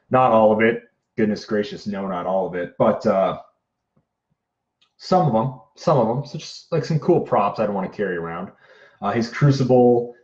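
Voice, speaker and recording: A man hosting a prop-making livestream, chatting casually in a low-key, self-described monotone as he works. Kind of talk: casual livestream chat while crafting. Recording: roomy, dull lo-fi sound.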